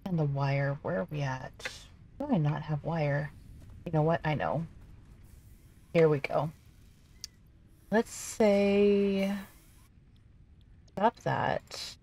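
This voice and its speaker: A woman with a slightly low voice hosts a gameplay video. She chats casually and excitably, talking to herself as she plays. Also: takes it slowly, long pauses. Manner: chatty, excitable, talks to herself while playing. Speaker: gaming video host.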